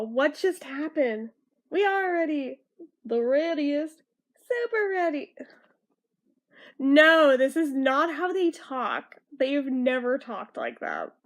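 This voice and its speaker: A young woman casually reading a comic aloud as a fan, with animated reactions, swearing and laughing asides, and reading the characters' lines in a loose, plain voice. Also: sits high, slow pace. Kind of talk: casual comic read-through.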